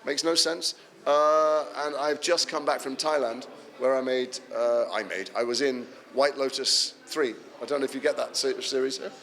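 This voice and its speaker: English male actor at a convention Q&A, animated anecdotal storyteller with dry self-deprecating humour, mid-pitched natural voice. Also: normal speed. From England. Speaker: actor answering fan questions. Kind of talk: convention panel Q&A.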